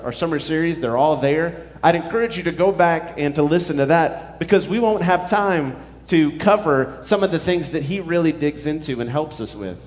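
Pastor, male, slightly high voice, earnest sermon delivery, big church reverb. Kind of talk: sermon with scripture reading.

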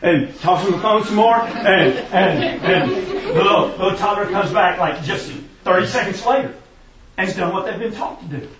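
A man's voice: high voice, normal speed, crowd noise. A man preaching a conversational sermon, earnest and given to restarting his phrases. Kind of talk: sermon on parenting. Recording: roomy, distant, dull sound.

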